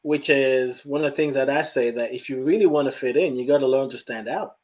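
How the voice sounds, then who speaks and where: A man's voice: mid-range voice, brisk. A man from Nigeria with a mixed Nigerian, British and Southern US accent, hosting a podcast and telling stories in casual conversation. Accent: Nigerian, British and Southern US mix. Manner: animated storyteller, acts out quoted voices. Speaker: podcast host.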